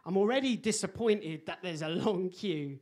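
A man preaching a sermon, telling a personal story in an animated, laughing way. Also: high voice, moderate pace. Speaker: pastor.

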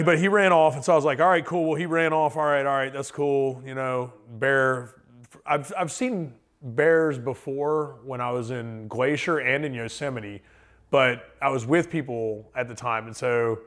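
Rambling casual male storyteller. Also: mid-range voice. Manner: rambling, filler-heavy, animated storyteller. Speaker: interview guest, hiker.

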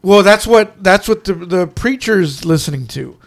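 A man's voice: sits high, animated, normal speed. A man in casual, joking chat with a friend while they watch a movie, telling stories and swearing freely. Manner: joking, storytelling, profane.

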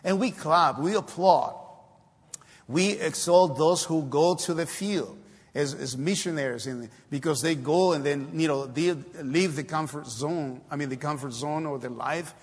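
Husky and a little high, a man delivers a church sermon at a measured pace. Long hall reverb fills the recording as he hesitates through fillers and then breaks out in emphatic exhortations.

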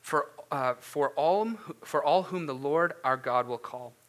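A male pastor with a bright, forward voice gives an earnest, conversational sermon. He talks loosely, full of fillers and restarts, and moves into a prayer. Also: a little high, measured pace. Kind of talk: casual sermon ending in prayer.

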